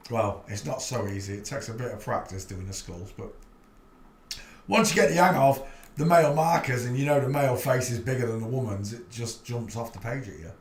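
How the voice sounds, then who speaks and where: A man with a mid-range voice talks briskly as he hosts a livestream, offering casual commentary that's chatty, rambling and blunt, and he laughs at his own jokes. The room has a noticeable echo.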